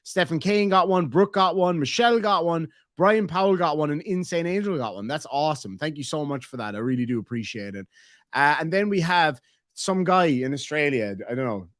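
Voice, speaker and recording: A man's voice: on the high side, animated, brisk, a bit bright, no echo, clean studio sound. Joking Irish man reading chat. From Ireland. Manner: joking, crude, rambling. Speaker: streamer host reading member messages. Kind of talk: casual reaction stream chat.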